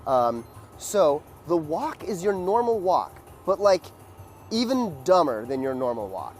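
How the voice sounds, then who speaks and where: A man with a slightly high voice teaches a dance in a loose, chatty way. He fills his talk with "like" and "right?" and marks the beats with sounds like "boom." Faint music plays behind him. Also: sing-song, unhurried, a little mellow. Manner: loose, filler-heavy explaining with beat sounds like "boom". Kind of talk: casual dance lesson.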